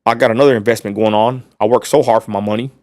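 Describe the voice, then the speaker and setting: A man's voice: fairly low pitch, fairly even intonation, racing, darkish tone, no room sound, clean studio sound. A man with a West Texas accent hosting a casual livestream, ranting bluntly and talking straight to his viewers. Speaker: livestream host.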